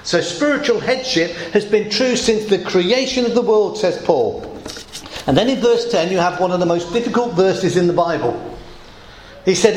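A man preaching a sermon to a congregation, leaning hard on key phrases and repeating them slowly, with dry asides. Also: on the high side, slight background noise. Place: church hall. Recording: echoey church hall.

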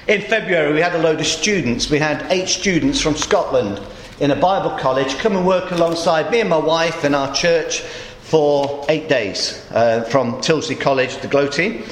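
Groggy preacher, high voice, echoey hall. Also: male voice, normal speed, slight background noise. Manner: storytelling, conversational preaching. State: groggy, slightly hoarse voice. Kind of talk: sermon.

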